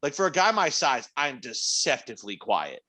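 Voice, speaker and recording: A young man co-hosting a podcast, joking around and swearing in animated casual banter. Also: medium pitch, normal speed. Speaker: podcast co-host.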